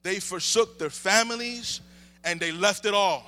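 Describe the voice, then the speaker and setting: A man in his thirties delivers a sermon with impassioned emphasis. His voice sits somewhat high and rings with a bright, forward edge. He leans into repeated refrains as he builds. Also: a little slow. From United States. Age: 30s. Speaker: preacher. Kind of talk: sermon with opening prayer.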